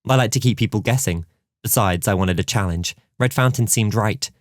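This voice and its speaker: Man voicing a young prince, polite, assured, lowish voice, dry studio sound. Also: brisk, no room sound, close to an everyday voice. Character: poised young prince, confident.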